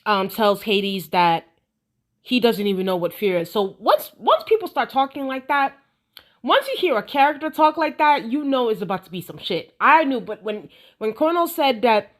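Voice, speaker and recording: A woman giving a casual, animated show review, emphatic and repeating herself for effect. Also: on the high side, moderate pace.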